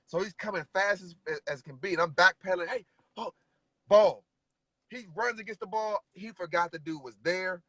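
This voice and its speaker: Male guest, relaxed trainer, bright forward tone, dry close sound. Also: high voice, a little fast, few pauses, no room sound, rough recording. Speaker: guest dog trainer and decoy. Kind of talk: casual conversation.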